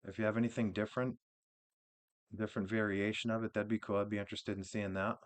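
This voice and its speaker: Low-voiced man rambling through a game build. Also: fast talker. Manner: relaxed, rambling, with frequent restarts and fillers. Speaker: gaming channel host. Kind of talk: casual game build walkthrough.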